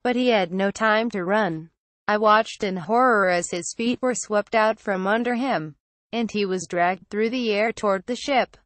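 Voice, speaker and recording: A woman narrating a first-person horror story in a steady reading voice. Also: mid-range voice, unhurried, no echo.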